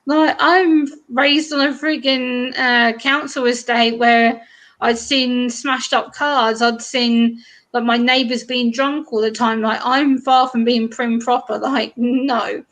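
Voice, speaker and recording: A woman's voice: a little high, fairly even intonation, takes it slowly, a bit bright. Chatty English woman from eastern England. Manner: chatty, laughs often, restarts sentences. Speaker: guest YouTuber. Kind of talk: casual live-stream chat.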